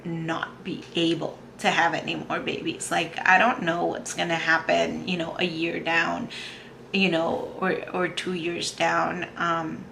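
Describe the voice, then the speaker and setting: A woman in her thirties talking in a personal video diary, soft and halting, with many pauses and fillers, close to tears. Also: fairly low pitch, level tone, vocal fry, slight background noise. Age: 30s. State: emotional, on the verge of tears. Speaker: vlogger.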